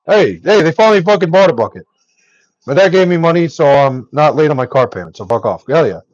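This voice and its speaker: A man's voice: fairly high pitch, animated, fairly quick, no room sound, highs cut off. A young man angrily ranting on a live stream, swearing nonstop and exasperated. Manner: angry, profane ranting.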